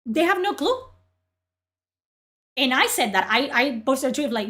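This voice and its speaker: A woman streamer ranting in profane, exasperated commentary, her voice strained from yelling. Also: high-pitched, expressive, moderate pace, long pauses.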